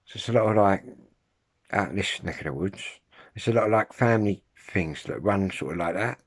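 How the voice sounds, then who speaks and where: A man's voice: low voice, brisk. Chatty rambling man from Kent. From Kent, England. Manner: rambling, chatty, heavy with slang and restarts. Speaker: vlogger. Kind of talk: casual monologue to viewers.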